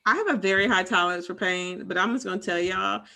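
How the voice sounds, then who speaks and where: A woman in her thirties co-hosting a podcast, telling a personal story in a casual, animated way and acting out what people said. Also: medium pitch, fast, creaky. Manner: animated storyteller, acts out quotes. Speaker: podcast co-host.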